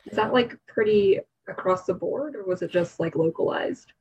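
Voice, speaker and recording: A woman's voice: medium pitch, animated, normal speed, a little mellow, slightly rough. A woman hosting an interview, encouraging her guest and asking follow-up questions. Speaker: host. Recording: dull, lo-fi sound.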